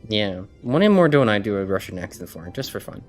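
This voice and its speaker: A woman's voice: very deep voice, sing-song, quick pace, a little mellow. A woman streaming a game, chatting casually with many restarts and laughs. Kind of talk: casual chat while gaming. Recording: music behind.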